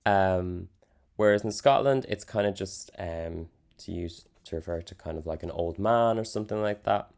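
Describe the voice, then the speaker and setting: A young man teaching a language lesson in a relaxed way, with many ums and fillers. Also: deep voice, normal speed. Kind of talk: casual explanatory lesson.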